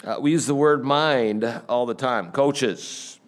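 A male pastor giving a conversational sermon, telling a story with frequent filler pauses. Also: mid-range voice.

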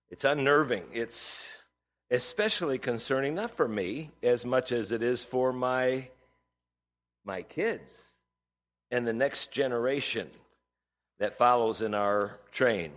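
A man in his sixties preaching a sermon from the United States, earnest and emphatic, stressing each point. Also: medium pitch. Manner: earnest, emphatic, piling up statistics and quotes.

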